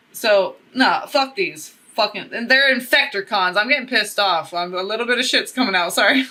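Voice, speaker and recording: A woman giving a casual tarot reading, talking in a rambling, profane and animated way. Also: mid-range voice, rough recording. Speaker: tarot reader.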